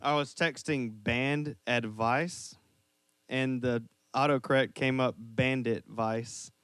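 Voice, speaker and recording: A man's voice: mid-range voice, fairly even intonation, slow, fairly bright tone, clear, resonant tone, no room sound. A man who is the band's drummer, a guest on the podcast, who makes wry joking asides and giggles often. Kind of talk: casual banter.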